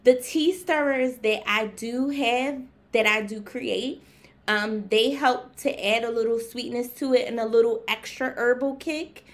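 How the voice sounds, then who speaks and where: A woman guest in a casual interview, speaking earnestly and haltingly with many fillers, emotional and grateful. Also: a little high. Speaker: guest, herbal tea maker. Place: live-streamed talk show.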